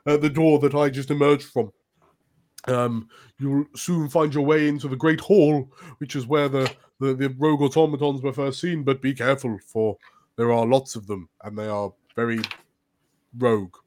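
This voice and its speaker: A man voicing a solemn male palace chef in a tabletop game, speaking in a halting, formal way. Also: mid-range voice, steady tone, darkish tone, a little hiss or hum, natural voice. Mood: urgent.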